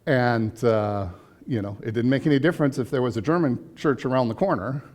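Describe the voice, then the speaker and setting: A man's voice: medium pitch, a little fast, a little mellow. Chatty man teaching a church class. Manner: chatty, frequent fillers and restarts. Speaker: adult education class teacher. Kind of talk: casual classroom lecture.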